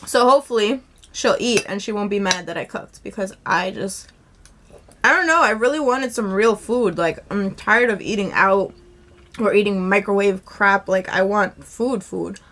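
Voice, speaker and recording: A woman's voice: medium pitch, normal speed, fairly bright tone. A woman talking casually to her phone camera in a daily vlog, rambling with lots of fillers and laughs as she moves from home to a shop to her car. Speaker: vlogger. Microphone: phone camera held by hand.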